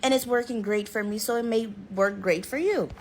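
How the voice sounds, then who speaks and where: A woman's voice: fairly high pitch, a little fast, darkish tone, a little hiss or hum, natural voice. A woman voicing a breezy, coaxing girlfriend. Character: upbeat young girlfriend, encouraging.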